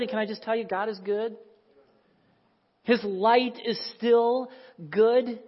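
A man's voice: high-pitched, fairly even intonation, slow pace, pauses often. A man preaching a sermon as pastor, talking conversationally and asking the congregation questions. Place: church sanctuary. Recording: echoey hall, dull sound.

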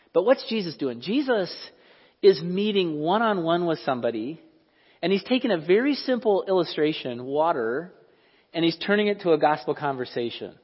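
A man preaching a sermon in a church hall, conversational and animated, often asking the audience questions. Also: high voice, slightly rough. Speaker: pastor. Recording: dull, lo-fi recording in a reverberant hall.

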